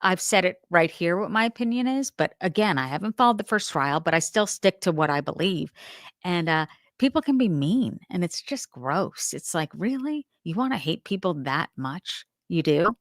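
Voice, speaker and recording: A woman with a low, gravelly voice hosts a crime talk show. She chats candidly and works through her opinions as she goes, in a close, dry sound. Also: lively intonation, normal speed, no echo. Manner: chatty, candid, thinking aloud. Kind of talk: casual opinion commentary.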